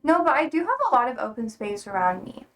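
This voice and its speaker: A young woman talks to her stream viewers from home in a slightly higher-than-average voice. She rambles from one thought to the next and drops casual swears. She laughs easily throughout. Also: sing-song, quick pace, fairly bright tone, slight background noise. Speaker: live streamer. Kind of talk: casual chat to a live stream.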